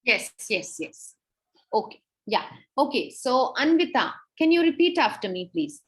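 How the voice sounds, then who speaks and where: High-voiced Indian woman teacher, patient. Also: big pitch swings. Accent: Indian English. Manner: recites verses slowly syllable by syllable for repetition. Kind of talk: online scripture recitation class for children. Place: video call from home.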